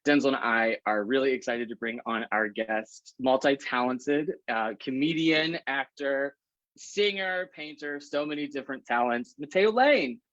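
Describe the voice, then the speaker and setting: A man co-hosting a casual interview, asking questions in a friendly, measured way. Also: mid-range voice, fairly bright tone, no echo, muffled recording. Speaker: co-host.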